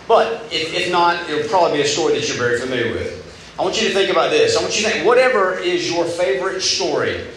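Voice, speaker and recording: A man preaching a casual, animated sermon, retelling scripture in everyday talk. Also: on the high side, fast, slight background noise. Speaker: youth pastor. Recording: echoey hall from far off.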